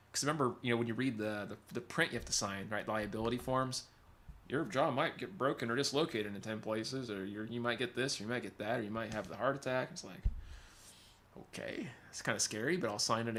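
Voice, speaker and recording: A livestream host and musician from California's Central Valley rambles casually, laughing often and reading the chat aloud. His medium-pitched voice is bright and forceful.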